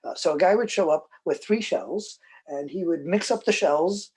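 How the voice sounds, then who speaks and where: Excitable New man hosting. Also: sits high, moderate pace, low-quality recording. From New York City. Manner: excitable, joking, chatty storyteller. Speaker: antiques museum host. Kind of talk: casual chat during an unboxing.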